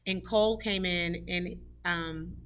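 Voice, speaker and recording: Woman teacher showing off her classroom, chatty and heartfelt, bright sharp voice. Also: on the low side, steady tone, slow pace, smooth. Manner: chatty, rambling, heartfelt, with many fillers. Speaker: third grade teacher. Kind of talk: casual classroom tour vlog. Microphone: camera she carries while touring.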